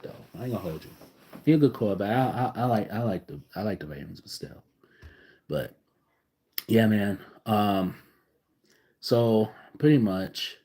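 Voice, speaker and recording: A sports fan vlogger delivers a casual, profane reaction rant, lurching between loud outbursts and low muttering.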